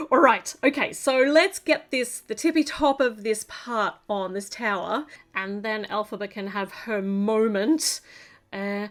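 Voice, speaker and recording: Gushing Australian woman with a lively voice. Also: a little high. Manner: gushing, enthusiastic, chatty. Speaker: LEGO builder and reviewer. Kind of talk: casual build narration.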